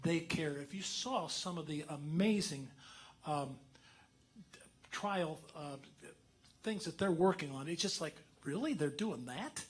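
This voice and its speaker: A man in a band speaking casually on stage at a concert, making an earnest, halting fundraising appeal with restarts and self-mocking laughs. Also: on the high side.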